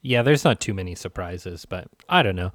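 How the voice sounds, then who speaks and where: Low-voiced man, laid-back movie chat. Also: animated, moderate pace, no echo, studio quality. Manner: laid-back, swears casually, laughs often. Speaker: podcast co-host. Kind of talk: casual movie review chat.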